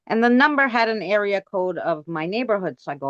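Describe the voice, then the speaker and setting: A woman co-hosting a livestream, telling stories in an animated, profane, fiery way. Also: fairly low pitch, fast, no room sound, muffled recording. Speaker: livestream co-host. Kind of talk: casual chat.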